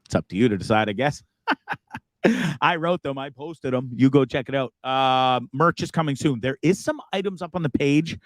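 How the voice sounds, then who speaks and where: A man hosting a casual live show from his bus, rambling from one thing to the next. He swears freely and laughs at himself, and his pitch jumps around a lot. The sound is close and dry. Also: expressive, normal speed, dry recording. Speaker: host. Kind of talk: casual livestream chat.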